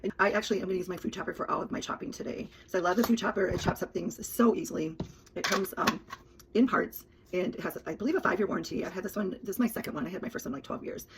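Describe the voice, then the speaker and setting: A woman's voice: mid-range voice, gravelly, noisy background. A woman chatting through a casual cooking demo as a kitchen product consultant, with many fillers and restarts.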